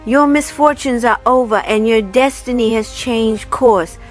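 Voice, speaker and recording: A woman's voice: a little high, a little slow, faint music behind, close to an everyday voice. A woman voicing a stately old female fairy who speaks in a solemn, proclaiming way.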